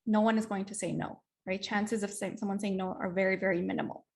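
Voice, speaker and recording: A woman's voice: medium pitch, fairly even intonation, fast talker, vocal fry. A young adult woman from Canada leading a speaking workshop over a video call. She acts out example phrases and keeps checking in with "right?". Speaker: workshop presenter. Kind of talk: online workshop teaching.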